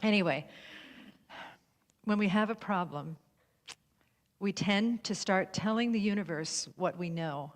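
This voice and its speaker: A woman hosts a spiritual livestream, musing aloud and laughing often. She keeps nodding along with her guest, and her voice rings with a long hall reverb. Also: fairly low pitch. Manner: warm, laughs often, affirms a lot. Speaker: livestream host. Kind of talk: spiritual conversation.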